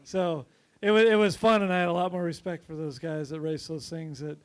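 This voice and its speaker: A man's voice: on the high side, steady tone, fairly quick, clear, resonant tone. A man answering a panel question in a modest, hesitant, dry way. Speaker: racing driver panel guest.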